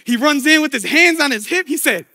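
A man's voice: extremely high pitch, lively intonation, a little fast, pushed and bright, big-room sound. A man preaching a casual, story-driven sermon with slang and jokey asides in a church.

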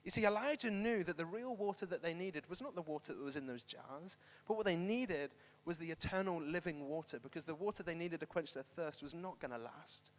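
Guy preaching a sermon, high voice, lively and emphatic, echoing around a big church hall. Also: a little fast, hardly any pauses. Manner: animated, emphatic, repeats phrases for effect. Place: church hall with congregation, also streamed online.

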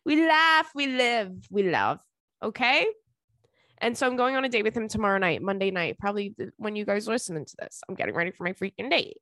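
A young woman hosting a podcast, telling a story in a chatty, animated way and laughing often. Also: mid-range voice, quick pace, no echo. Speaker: podcast host. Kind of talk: casual storytelling to listeners.

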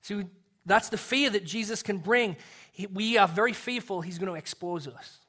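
Male pastor, 30s, higher-pitched voice; earnest sermon delivery with soft hushed stretches. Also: moderate pace. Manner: earnest, drops to a soft hush for emphasis.

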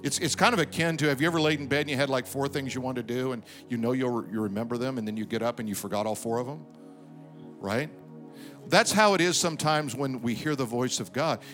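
A man preaching a sermon as pastor, conversational, reading and acting out scripture, then dropping to quiet reflective tones. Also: mid-range voice.

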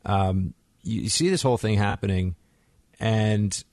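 Lowish-voiced male talk radio host. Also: a little slow, dry recording, studio quality. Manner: conversational, animated storytelling.

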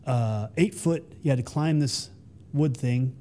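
A man's voice: medium pitch, a little slow, mellow. A middle-aged American man, a guest, telling stories casually in a rambling, self-interrupting way, doing playful voices for others. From United States. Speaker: guest, Army veteran. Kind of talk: casual storytelling.

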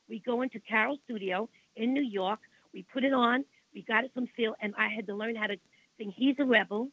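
A woman's voice: on the high side, normal speed, dry recording. Older Brooklyn woman on a phone line. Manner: rambling, repeats herself, indignant about the past. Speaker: interview guest, singer. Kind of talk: storytelling in a radio interview.

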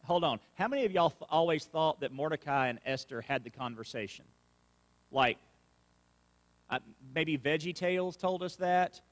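A man's voice: on the high side, expressive, moderate pace. A male pastor preaching a sermon and reading scripture, with folksy, conversational asides. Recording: long reverb of a church hall.

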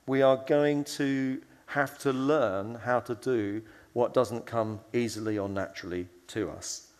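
Man, sermon, conversational, storytelling, fillers and restarts, acts out quotes, mid-pitched voice. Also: fairly even intonation, measured pace, smooth, in a large hall. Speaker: conference speaker.

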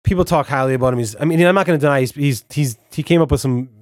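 A man's voice: mid-range voice, racing, no echo. Guy podcasting solo, swears a lot, worked-up rant, mid voice, dead dry sound. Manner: profane, animated, exasperated rant with restarts. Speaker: podcast host.

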